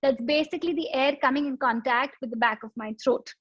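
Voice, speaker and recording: A woman with a high, light voice leads a yoga breathing lesson, patient and explanatory, using simple analogies. The sound is dry and close, with a slightly dull, lo-fi quality from an online session. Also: brisk, breathy edge, no echo. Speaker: yoga instructor. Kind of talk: guided breathing instruction.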